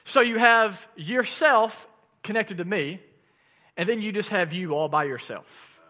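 Man preaching, high bright voice, lively storytelling, reverb of a church hall. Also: a little slow. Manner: animated storytelling with laughs and bursts of loudness. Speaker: pastor. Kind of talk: sermon.

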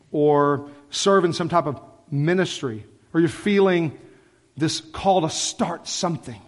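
A man preaching a sermon as pastor, speaking passionately in a conversational way full of "like". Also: a little high. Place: church sanctuary. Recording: long church hall reverb.

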